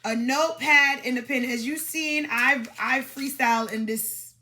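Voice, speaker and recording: Bright-voiced woman coaching with emphasis. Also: high-pitched, unhurried. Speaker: podcast host giving dating advice. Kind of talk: instructional monologue with demonstrations.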